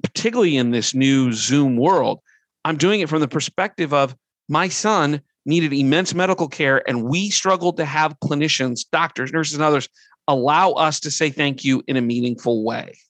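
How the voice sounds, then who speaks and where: A middle-aged man giving a conversational training presentation, earnest and relaxed as he walks through his points one by one. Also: a little high, normal speed, no echo.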